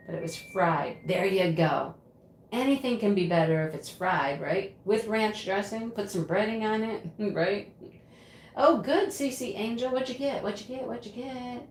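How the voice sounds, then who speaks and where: A woman's voice: a little high, darkish tone. A woman hosting a casual livestream, chatting and answering viewers' comments as she reads them. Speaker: livestream host. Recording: roomy home recording with faint ambient noise.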